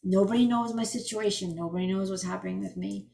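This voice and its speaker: A woman in her forties, an energy healing coach telling her personal story on a video call, chatty and animated with many restarts. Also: mid-range voice, fast, creaky.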